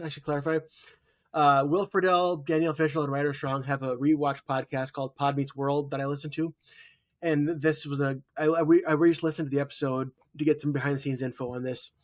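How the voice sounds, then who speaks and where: Animated man in his thirties recapping. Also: fairly high pitch. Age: 30s. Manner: lively storytelling, acting out quoted lines. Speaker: podcast co-host. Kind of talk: casual chat recapping a TV episode.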